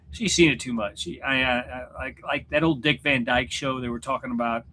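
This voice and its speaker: Rambling, bright-voiced man in his forties. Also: mid-range voice, slight background noise. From Missouri, USA. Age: 40s. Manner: rambling, self-deprecating, joking. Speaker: livestream host chatting with viewers. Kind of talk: casual livestream chat. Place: room at home, in front of a mirror.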